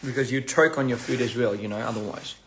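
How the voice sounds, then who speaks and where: Bright-voiced man hosting a playful live stream. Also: mid-range voice, steady tone, a little hiss or hum. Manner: playful, halting, repeats phrases while practicing pronunciation. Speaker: livestream host. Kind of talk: casual live-stream chat while eating.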